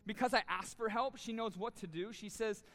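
A man's voice: high-pitched, fairly quick, fairly bright tone. A man preaching a sermon as a pastor, telling a personal story in an earnest, candid way and repeating words when moved. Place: church auditorium, live audience. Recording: long reverb of a large hall.

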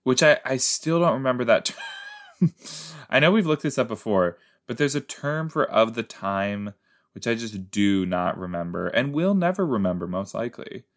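A man's voice: medium pitch, animated, normal speed. A man hosting a podcast and giving playful, rambling commentary as he rewatches a show. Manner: playful, rambling, self-mocking. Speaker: podcast host.

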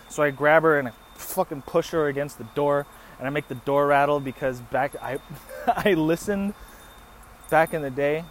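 A man in his thirties hosting a podcast, telling a story casually with lots of swearing and bursts of laughter. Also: on the high side. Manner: profane, animated storytelling with laughs. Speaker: podcast host. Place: outdoors near a street. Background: passing traffic noise.

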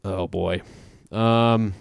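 A man co-hosting a casual sports betting podcast, animated and profane, laughing often. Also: on the low side, very slow, gravelly, smooth, dry recording, clean studio sound. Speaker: podcast co-host.

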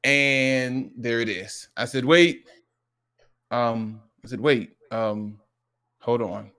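A podcast co-host tells a story in casual chat, speaking slowly. He's an animated storyteller, acting out quoted lines with sudden jumps in pitch, and he restarts often and repeats words.

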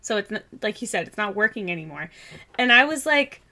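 A woman's voice: medium pitch, animated, fairly quick, bright, forceful tone. A woman co-hosting a podcast, chatting casually and using 'like' often. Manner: chatty, filler-heavy with frequent 'like'. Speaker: podcast co-host. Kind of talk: casual chat.

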